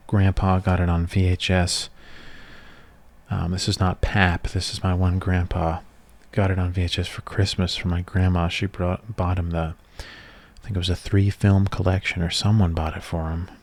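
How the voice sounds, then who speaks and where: This soft-spoken ASMR creator, a deep-voiced man in his thirties, wanders through casual, nostalgic talk in a low, relaxed voice. His delivery is flat and his speed normal.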